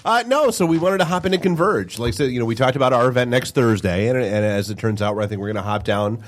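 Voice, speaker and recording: A man's voice: medium pitch, animated, fast, slight background noise. A man from the Detroit area co-hosting a podcast, telling stories animatedly, swearing freely and laughing often. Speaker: podcast co-host. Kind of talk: casual chat.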